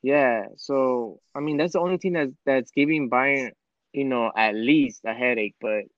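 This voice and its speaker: A man co-hosting a casual soccer podcast, animated and laughing a lot, saying "bro". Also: mid-range voice, moderate pace, muffled recording, a loud crowd. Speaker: podcast co-host.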